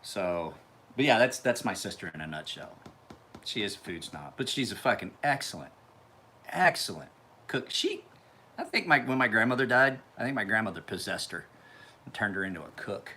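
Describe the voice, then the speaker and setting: Bright, animated man rambling on a live stream. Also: fairly low pitch, moderate pace. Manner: rambling and profane, laughs often. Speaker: knife sharpener hosting a live stream. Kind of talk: casual live stream chat.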